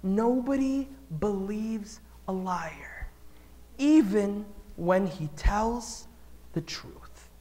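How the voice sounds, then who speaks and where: A man voicing a kind old man in a children's story, speaking slowly and solemnly in a hushed voice. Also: high voice, lively intonation, voice pushed down, exaggerated voice. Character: kindly wise old man, gentle and slow.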